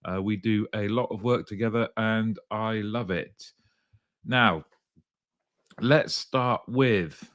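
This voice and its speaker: Brief: male live-show host, upbeat and jokey, slightly croaky, lowish voice, dry close sound. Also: no echo. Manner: upbeat, greets viewers by name, jokey. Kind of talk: live show chat reading comments.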